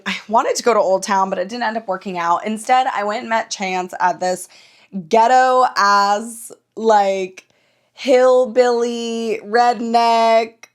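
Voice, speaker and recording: A woman's voice: fairly high pitch, slow pace. Chatty young woman, swearing storyteller. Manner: animated storytelling, swears freely, laughs often. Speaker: podcast host. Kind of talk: casual solo podcast chat.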